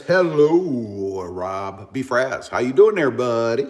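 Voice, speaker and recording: A man hosting a casual livestream, talking loudly and reading out viewer comments. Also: mid-range voice, slow pace. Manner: loud, animated, reads viewer comments. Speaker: livestream host.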